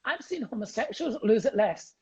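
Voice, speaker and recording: Cheeky raspy Scottish man spinning yarns. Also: very high-pitched, sing-song, mellow, dull audio. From Scotland. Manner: cheeky, quick, giggly, acts out voices in anecdotes. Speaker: comedian guest. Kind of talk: casual storytelling chat. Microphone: video call.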